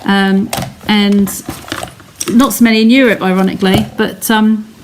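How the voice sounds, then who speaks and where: Faint background noise sits behind this English craft demonstrator during her live card-making session. She's chatty, narrating each step as she reads live comments, with a medium-pitched voice, fairly even intonation and a measured pace.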